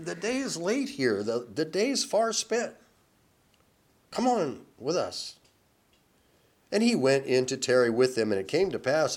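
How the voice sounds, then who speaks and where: A man giving informal Bible teaching, reading scripture slowly with emphasis, then chatting and chuckling between verses. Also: mid-range voice.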